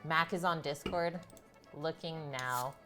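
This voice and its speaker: A woman's voice: low voice, slow, bright, forceful tone, faint music behind. A woman hosting a live cooking stream, chatting and giggling with her viewers from her home kitchen. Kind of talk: casual live-stream chat while cooking.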